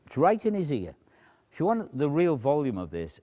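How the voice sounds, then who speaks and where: A man teaching a stage routine, explaining how he cues volunteers and dropping to a hushed near-whisper to demonstrate. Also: medium pitch, huge pitch swings, fairly quick. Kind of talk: demonstration lecture.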